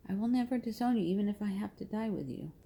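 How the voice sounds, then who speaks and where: A woman voicing an impulsive male disciple, loudly and emphatically insisting. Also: mid-range voice, quick pace, vocal fry, husky. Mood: insistent.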